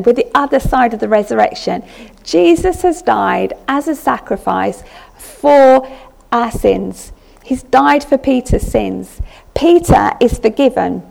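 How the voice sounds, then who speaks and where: A woman's voice: on the high side, vocal fry, a little mellow. A woman preaching a reflective sermon, retelling a story with fillers and restarts.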